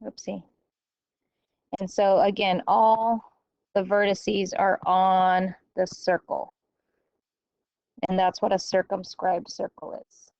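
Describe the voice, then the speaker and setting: A woman's voice: mid-range voice, flat delivery, takes it slowly, gravelly, long pauses, a little mellow, clear, resonant tone, dry recording, highs cut off. Woman teacher checking in with "okay?". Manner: explains step by step with frequent "okay?" checks. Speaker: math teacher. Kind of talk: recorded classroom lecture.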